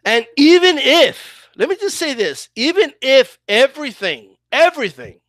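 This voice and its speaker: A man's voice: very high voice, big pitch swings, normal speed, fairly bright tone, no echo. Fired-up man ranting about boxing. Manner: fired up, repeats "okay?" and "right?". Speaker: boxing commentator. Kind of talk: heated opinion rant.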